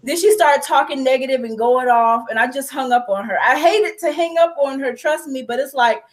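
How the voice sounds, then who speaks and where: A woman's voice: high-pitched, brisk, rough recording. A young adult woman hosting a personal conversation, tearful, her voice breaking as she talks. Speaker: host.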